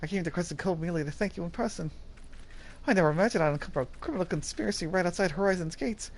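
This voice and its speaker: A man voicing an earnest young male guard in a game reading, talking high and formal. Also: rapid-fire. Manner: high, eager, formal speech.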